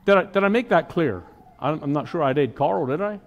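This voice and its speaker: A man's voice: on the high side, expressive, fairly quick, big-room sound, lo-fi sound. A man preaching a sermon to a congregation, emphatic and folksy, often putting questions to the listeners. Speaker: pastor.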